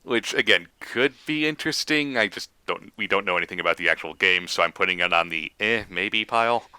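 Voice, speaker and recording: A man's voice: sits low, fairly even intonation, quick pace, bright, forceful tone, clean tone, no echo. A man co-hosting a casual gaming podcast, running down the list in a blunt, dismissive way. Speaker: podcast co-host.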